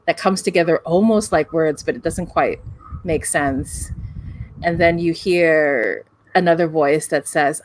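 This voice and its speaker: Low-voiced woman narrating as game master. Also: measured pace. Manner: descriptive, filler-heavy with "right?" and "like".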